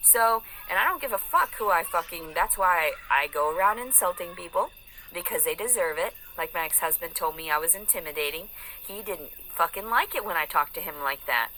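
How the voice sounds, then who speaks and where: A woman's voice: fairly low pitch, expressive, brisk, sharp tone, a little hiss or hum, low-quality recording. A woman in an angry, profane rant, taunting and aggressive, swearing constantly. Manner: mocking sing-song put-on voices.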